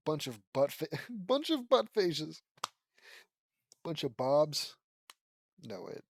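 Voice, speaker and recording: A man's voice: fairly high pitch, sing-song, slow, no echo. A man reading fan fiction aloud and sarcastically mocking it as he goes. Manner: sarcastic, laughs at the text. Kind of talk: mocking read-aloud with commentary.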